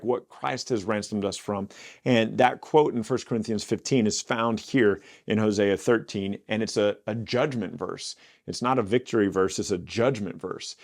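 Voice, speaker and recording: A man teaching through a Bible passage in a casual way, reading verses aloud with rising emphasis and explaining them. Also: on the low side.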